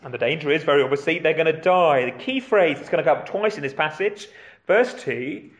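A man's voice: fairly high pitch, a little fast, roomy sound. A man preaching a sermon in a conversational way, with rhetorical questions and questions put to the children.

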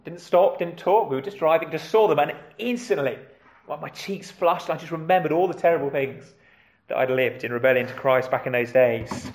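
A man's voice: on the high side, a little fast, a little mellow, reverberant. A man preaching a sermon in a conversational way, with rhetorical questions and questions put to the children.

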